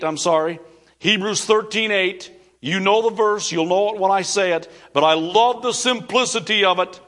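A man's voice: high-pitched, a bit bright. A middle-aged male pastor preaching a sermon, reading quotes aloud and then emphatically rebutting them.

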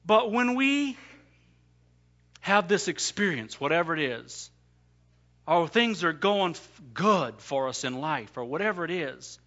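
A man's voice: on the high side, very animated, measured pace, a bit bright, highs cut off. A man preaching a sermon emphatically, voicing scripture in the first person. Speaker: pastor.

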